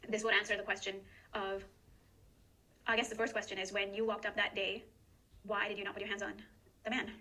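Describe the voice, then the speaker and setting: A woman's voice: medium pitch, level tone, fairly quick, pauses often, bright, forceful tone, low-quality recording. A mother giving an earnest, emotional personal statement about her family. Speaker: guest in a recorded statement. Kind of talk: personal testimony.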